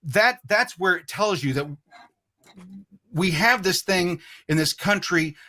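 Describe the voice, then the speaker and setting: Man, high-pitched, bright tone, casual podcast storytelling, rambling, swears a lot, restarts sentences. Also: expressive, slow pace. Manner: rambling, profane, frequent restarts. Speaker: podcast guest.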